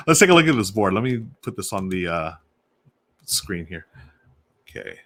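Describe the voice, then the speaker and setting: A man with a fairly low voice hosts a casual live stream from a home desk. He talks enthusiastically and loosely, greeting viewers and thinking aloud with fillers. He munches snacks between sentences. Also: big pitch swings, unhurried, fairly bright tone. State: munching snacks while talking. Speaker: host unboxing board games on a live stream. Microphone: desk microphone on a live stream.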